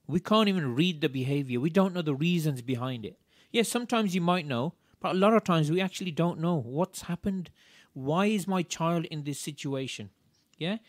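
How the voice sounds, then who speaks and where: Brief: male radio co-host, slightly high voice, dry studio sound, steady instructive delivery. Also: no room sound. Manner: steady, instructive, repeats key steps. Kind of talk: parenting advice talk.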